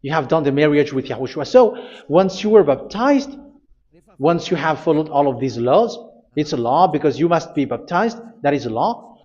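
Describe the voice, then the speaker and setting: A male preacher with a voice pitched a little high, pressing his points again and again and stumbling over restarts as he goes. The recording sounds dull and lo-fi. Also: lively intonation, normal speed, a little mellow. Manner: insistent preaching with repetitions and hesitations. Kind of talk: sermon.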